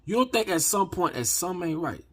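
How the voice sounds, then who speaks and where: Husky man ranting, heated and profane. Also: high-pitched, big pitch swings, quick pace. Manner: heated, profane, preachy, swings from quiet to shouting. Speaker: channel host. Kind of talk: impassioned rant to camera.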